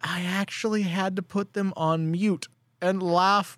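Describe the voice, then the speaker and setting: A podcast co-host in casual chat, giggly and animated when telling a story, and quick to poke fun at themself. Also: medium pitch, dry recording.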